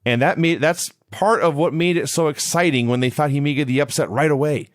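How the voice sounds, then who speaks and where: A man's voice: a little high, brisk, no room sound, clean studio sound. A man co-hosting a casual podcast, recapping old matches and promos play by play in a chatty way. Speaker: podcast co-host.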